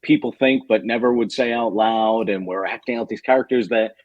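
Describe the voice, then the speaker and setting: A man's voice: lowish voice, fairly even intonation, brisk, no room sound, highs cut off. A man co-hosting a comedy podcast, talking in an earnest, explaining way with some teasing. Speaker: podcast co-host. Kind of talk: casual chat.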